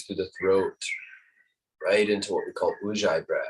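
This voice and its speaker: Low husky guy leading a breathing class, sounds a bit far from the mic. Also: moderate pace, pauses often. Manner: calm, instructive, demonstrates breaths aloud. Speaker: breathwork instructor. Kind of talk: guided breathing lesson.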